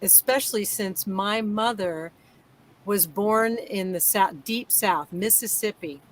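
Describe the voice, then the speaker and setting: A woman's voice: medium pitch, slow pace, slight background noise, rough recording. A woman sharing a personal memory in a reflective, rambling way on a group video call. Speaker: guest.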